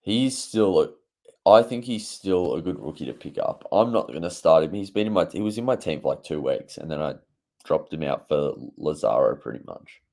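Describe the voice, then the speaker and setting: A man's voice: extremely low pitch, expressive, moderate pace, gravelly, darkish tone. A young man, talking casually to his channel with an offhand, chatty manner and frequent fillers. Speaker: fantasy football YouTuber. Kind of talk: casual talk to camera.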